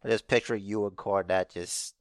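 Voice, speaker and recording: A man's voice: fairly low pitch, fairly even intonation, moderate pace, dry recording, studio quality. A man co-hosting a podcast in casual chat, teasing his partner and delivering mock-serious asides. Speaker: podcast co-host.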